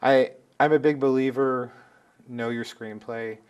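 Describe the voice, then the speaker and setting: A man's voice: mid-range voice, steady tone, unhurried, clean tone. Joking man hosting a panel. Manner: joking, rambling with restarts. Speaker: host. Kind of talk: casual panel interview.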